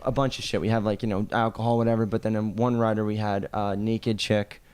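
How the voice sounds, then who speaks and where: A man's voice: lowish voice, little pitch movement, brisk, a little mellow. A man, a touring drummer, telling road stories on a comedy podcast with loose, rambling restarts and chuckles. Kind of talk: casual podcast chat.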